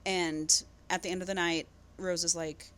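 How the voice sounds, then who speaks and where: A young woman with a voice on the low side speaks at normal speed as a podcast co-host, casually recapping a book's plot. She's an animated storyteller who acts out the characters' lines.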